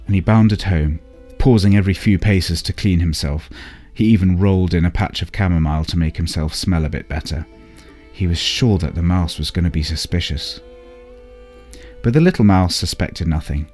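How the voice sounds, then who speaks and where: Deep-voiced man reading a bedtime story. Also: moderate pace, darkish tone, faint music behind.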